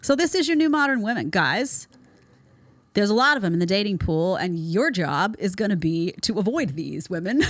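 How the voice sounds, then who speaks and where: A woman's voice: fairly low pitch, lively intonation, moderate pace, no room sound. A woman host giving a blunt, sarcastic commentary monologue, mocking the people she talks about with put-on voices. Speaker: show host.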